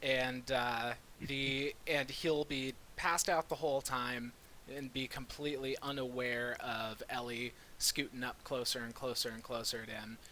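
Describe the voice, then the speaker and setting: Man, tabletop player, playful, bright voice, light hiss. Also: medium pitch, flat delivery, unhurried, low-quality recording. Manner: playful, laughs often. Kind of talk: tabletop game chat.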